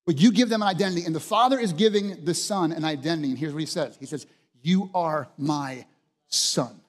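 A man's voice: on the high side, very fast, big-room sound. A man preaching a sermon as pastor, passionate and emphatic, driving points home with repeated phrases.

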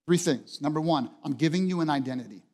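A man's voice: fairly high pitch, fast, a little mellow, in a large hall. A man preaching a sermon as pastor, passionate and emphatic, driving points home with repeated phrases.

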